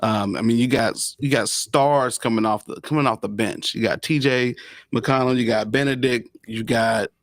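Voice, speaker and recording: A man co-hosting a casual sports chat, talking with confident excitement in short, punchy phrases. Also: mid-range voice, normal speed, no room sound, studio quality.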